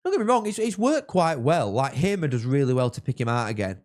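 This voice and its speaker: Excitable young man streaming football. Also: mid-range voice, fast talker. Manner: excitable, reacts loudly to goals, chats with viewers. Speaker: livestream host. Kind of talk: live football watchalong chat.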